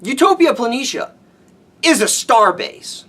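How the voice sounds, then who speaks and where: A man giving a ranting film review for his vlog, animated and exasperated, swearing freely. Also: very high voice, measured pace. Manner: animated, exasperated, profane, with frequent restarts.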